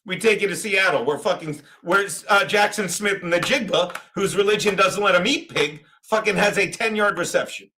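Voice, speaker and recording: A man's voice: high-pitched, moderate pace, hardly any pauses, a little hiss or hum. A man in his fifties hosting a live sports watchalong stream, telling crude, rambling stories. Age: 50s. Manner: crude, rambling, loud storytelling. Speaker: stream host. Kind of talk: casual sports watchalong chat.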